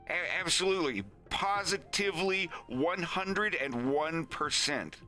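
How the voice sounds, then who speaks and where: A man's voice: low-pitched, fairly even intonation, unhurried, pushed and bright, soft background music. A man voicing a nervous one-eyed male wolf pilot who stammers and pleads. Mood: eager.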